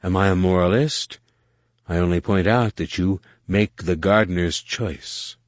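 A man voicing a calm riddling alien woman. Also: deep voice, dry recording, studio quality. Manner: slow, measured, questioning. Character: calm enigmatic female alien mentor, riddling. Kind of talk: audiobook reading.

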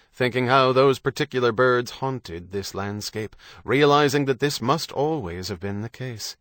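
A man reading a novel aloud as an audiobook narrator, in a measured, even way. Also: on the low side, no echo, clean studio sound. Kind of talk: scripted narration.

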